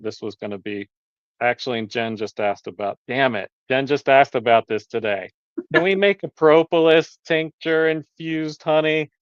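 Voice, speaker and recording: A man with a fairly low voice, recorded dry, keeps bees and sells honey. Speaking over a video call on a live stream, he chats casually and goes into detail about his products, in dull lo-fi stream audio.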